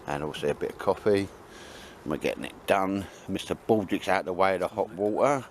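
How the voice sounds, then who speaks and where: A man's voice: deep voice, a little fast, a little hiss or hum. A man chatting and joking with his mates outdoors at a woodland campfire, teasing them in a laddish way. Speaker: vlogger. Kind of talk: casual banter with friends.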